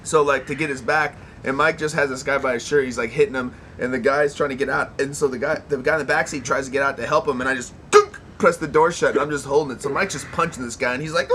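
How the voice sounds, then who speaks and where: A man's voice: medium pitch, lively intonation, fast talker, hardly any pauses, bright, forceful tone, slight background noise. A man hosting a casual podcast, telling a rambling, profane story and laughing often. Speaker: podcast host.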